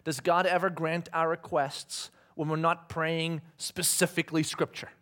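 A male preacher with a slightly high voice gives a relaxed, conversational sermon. He jokes with his listeners, laughs easily, and slips into little voices when he tells a story. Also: a little slow. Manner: conversational and joking, laughs often, acts out voices. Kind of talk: casual sermon.

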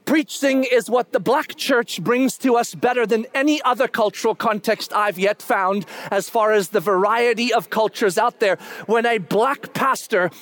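A middle-aged man preaching a sermon in a notably high voice. He talks in an animated way and swells to loud, excited shouting at his peaks, then drops back to plain explaining. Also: moderate pace, few pauses. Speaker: pastor.

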